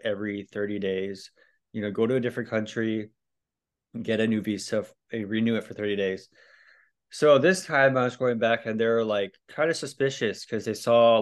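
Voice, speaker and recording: A young man from Hawaii, a podcast guest telling stories casually, laughing often, swearing and acting out the lines of others. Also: fairly low pitch. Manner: animated, laughing, swears often, acts out quotes. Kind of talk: casual storytelling.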